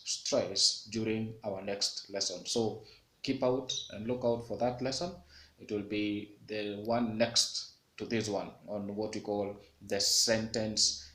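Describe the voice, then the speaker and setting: A man giving an English lesson, saying example words slowly and repeating each one several times. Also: lowish voice, a bit bright. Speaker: English teacher. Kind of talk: classroom lesson. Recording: echoey room.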